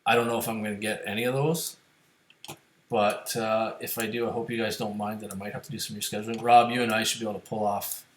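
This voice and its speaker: A man's voice: lowish voice, little pitch movement, quick pace, roomy sound. A man casually talking to his viewers while playing online poker, thinking aloud about hands and chip stacks. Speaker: poker streamer. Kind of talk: casual live-stream commentary.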